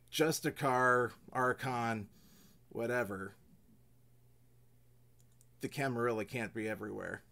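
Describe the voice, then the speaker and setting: A man in a tabletop role-play, talking persuasively and casually, swearing freely. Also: fairly low pitch. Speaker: player.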